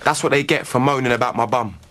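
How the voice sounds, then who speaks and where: A man's voice: mid-range voice, quick pace, noisy background. A young man chatting casually as a reality show contestant, cheeky and loose with slang. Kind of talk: casual chat.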